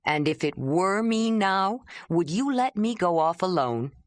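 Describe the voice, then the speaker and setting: A defiant, grief-stricken young traveler, as a woman reader puts him on in a storybook, his speech raw and rising and falling widely. The low voice sits close and dry, with no room around it. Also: animated, unhurried, no echo. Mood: grieving, defiant. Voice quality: pleading, emotional. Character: proud young man, grieving, restless wanderer.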